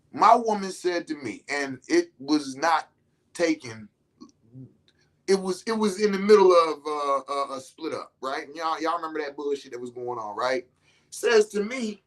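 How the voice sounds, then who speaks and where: A middle-aged man hosting a podcast, giving a profane, preachy monologue to male listeners and jumping between calm talk and shouting. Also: fairly high pitch. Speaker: podcast host.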